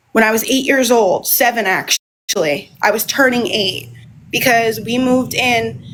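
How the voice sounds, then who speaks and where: Woman live-streamer, slightly high voice, rambling and emotional, repeating herself. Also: a bit bright, rough recording. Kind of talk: casual live stream monologue.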